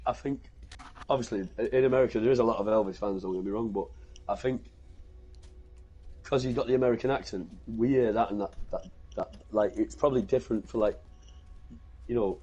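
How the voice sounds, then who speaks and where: A man's voice: lowish voice, fairly quick, pauses often, dark tone, breathy edge, dull audio. A British man hosting a gaming stream, rambling through stories in casual chat and swearing freely. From Britain. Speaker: gaming channel host.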